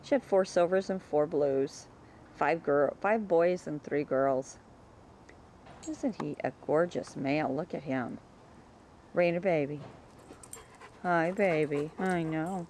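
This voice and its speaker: A woman talking casually about her dogs in her yard, chatting away and calling to them in a high sing-song. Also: takes it slowly, long pauses, a little mellow, a little hiss or hum. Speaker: dog breeder. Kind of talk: casual home video narration.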